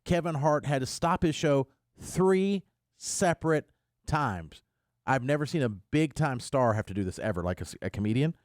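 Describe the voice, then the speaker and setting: A man's voice: medium pitch, moderate pace, no echo. A man hosting a morning radio show, telling a story in casual studio chat and acting out the quotes. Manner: animated storyteller who acts out quotes. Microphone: studio microphone.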